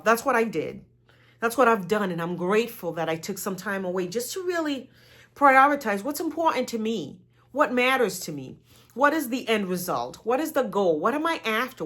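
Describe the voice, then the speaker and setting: A woman's voice: fairly high pitch, a bit bright. Woman doing a motivational talk, earnest, keeps repeating lines to drive it home. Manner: earnest, encouraging, repeats phrases for emphasis. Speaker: motivational speaker.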